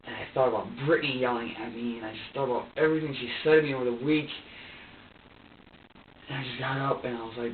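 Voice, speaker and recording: A distressed man answers investigators' questions in a halting, repetitive way, often restarting his sentences. He is caught on a distant room microphone with a tinny, narrow sound. The room is echoey and there is a faint hiss behind him. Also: mid-range voice, steady tone. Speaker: suspect under questioning. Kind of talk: emotional account to investigators. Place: interrogation room. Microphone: far room microphone.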